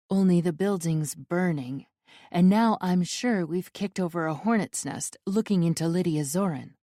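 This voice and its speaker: Low-voiced woman audiobook narrator. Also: dark tone, no echo, clean studio sound. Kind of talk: first-person romance audiobook narration.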